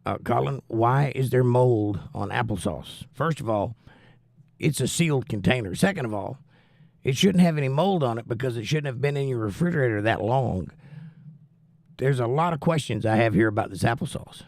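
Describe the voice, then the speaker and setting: A man's voice: medium pitch, lively intonation, normal speed, gravelly, darkish tone, no echo, studio quality. A man hosting a livestream, reading viewers' chat messages aloud and answering them with wry, teasing humor. He is out of breath and coughing while he recovers from the flu. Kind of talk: casual chat.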